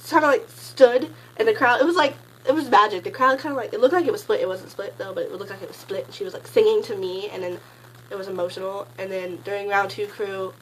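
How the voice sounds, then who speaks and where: A teenage girl telling a story in a casual vlog, gushing and rambling, packing her sentences with "like" and jumping into excited high squeals. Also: fast, slight background noise, low-quality recording. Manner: gushing, rambling, heavy use of "like"; bursts into high excited squeals when quoting. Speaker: concert fan recounting a meet and greet.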